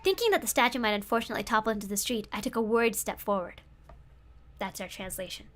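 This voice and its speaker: A woman's voice: medium pitch, lively intonation, quick pace, fairly bright tone. A woman streamer explaining Japanese translation in a casual, playful, chatty way, full of fillers and tangents. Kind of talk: casual streamed language lesson.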